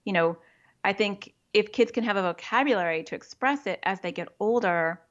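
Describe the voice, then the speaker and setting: A woman's voice: medium pitch, normal speed. A woman speaks as the guest on a podcast interview, explaining practical steps for parents in an easy, matter-of-fact way. Her voice sits in a middle register, and the line sounds a little dull and muffled. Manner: explanatory, practical, often acts out parent and child quotes. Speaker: child therapist, guest.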